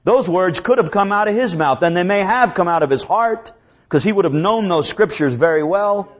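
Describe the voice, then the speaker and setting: A man with a fairly high voice preaches a sermon, slowing down to draw out scripture and swinging from urgent peaks to hushed lows. The recording is dull and lo-fi. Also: lively intonation. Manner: preaching with dramatic rises and drops; slows down to draw out scripture quotes.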